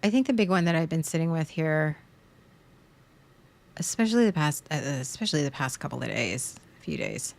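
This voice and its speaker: A woman's voice: deep voice, lively intonation, normal speed. A woman hosting a podcast, talking through a frank, emotional monologue that rambles, restarts and repeats words as she goes. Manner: frank and emotional, swearing at times. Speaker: podcast host.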